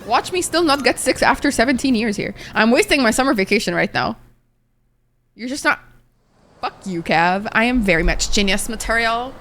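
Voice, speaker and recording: This young woman's voice is fairly high and bright, animated but at a normal speed. She's streaming a video game and keeps launching into profane, exasperated, dramatic rants at it, with faint game music underneath her let's-play commentary.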